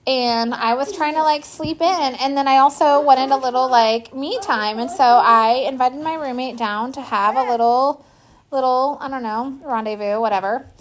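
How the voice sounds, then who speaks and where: A middle-aged woman with a high voice, speaking at a moderate pace, hosts a podcast. In casual chat, she tells brash, profane stories about her kids.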